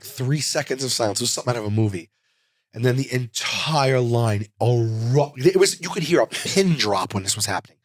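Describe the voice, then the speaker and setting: New male comedian, animated storyteller, middle pitch, dry studio sound. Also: no room sound. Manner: animated, with many restarts and acted quotes. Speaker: comedian guest. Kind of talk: casual storytelling.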